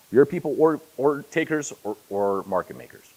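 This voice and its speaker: Man in his forties, keynote speaker, lively storytelling delivery, pitch swinging widely, self-deprecating humor. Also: normal speed, poor audio. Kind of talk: conference keynote speech. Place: conference hall.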